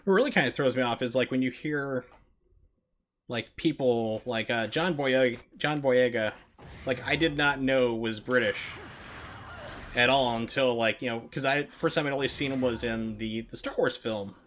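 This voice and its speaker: A man's voice: medium pitch, normal speed, a bit bright, slight background noise. A young man chatting casually and rambling while he plays through a speedrun on a live stream. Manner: rambling, heavy on "like" fillers.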